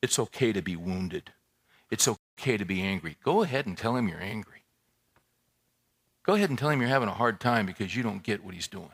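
A male pastor preaches a sermon in a church. He talks casually and asks the congregation questions, repeating words as he builds a point. His pitch leaps high and falls low as his delivery rises and sinks. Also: a little fast, breathy edge. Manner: conversational, animated preaching with rhetorical questions and repetitions.

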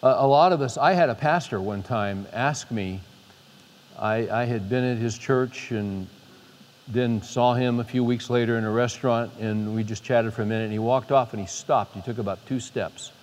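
A man's voice: medium pitch, moderate pace, darkish tone. A man giving an unscripted sermon from a podium, with many restarts, building to emphatic peaks. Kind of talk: informal sermon. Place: large hall with a podium. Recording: long hall reverb.

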